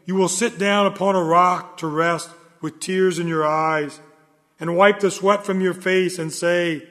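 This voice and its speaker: A man delivering a solemn sermon in a measured, earnest manner. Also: high voice, steady tone, fairly bright tone. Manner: solemn, measured, rises in fervor. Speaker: preacher. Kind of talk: sermon reading. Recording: long hall reverb.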